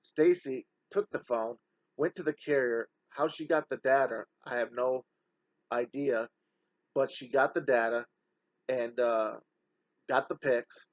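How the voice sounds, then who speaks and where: A man's voice: mid-range voice, a little slow, dry recording. A man giving a heated, scornful commentary voice-over as an online scam exposer, with a dull, slightly lo-fi recording.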